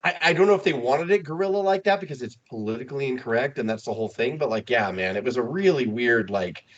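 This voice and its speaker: A man co-hosting a podcast in casual chat, retelling a story with lively acted-out quotes. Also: medium pitch, quick pace, lo-fi sound. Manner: animated storytelling, acting out quotes. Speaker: podcast co-host.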